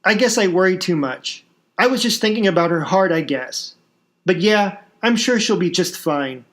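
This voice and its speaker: A man's voice: high-pitched, expressive, normal speed, a bit bright. A man voicing a commanding middle-aged restaurant owner in a story he reads aloud. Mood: reflective.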